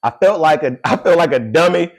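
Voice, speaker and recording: A middle-aged man hosts a laid-back podcast, spinning animated stories and swearing freely. He talks briskly in a voice that sits a little high.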